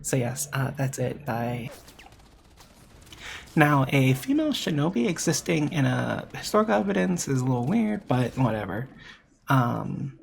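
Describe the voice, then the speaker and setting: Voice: mid-range voice, sing-song, measured pace, gravelly, a little hiss or hum. A VTuber commentator giving an opinionated monologue critique of a game. The speaker stresses points by repeating them and often corrects themselves mid-sentence with filler words.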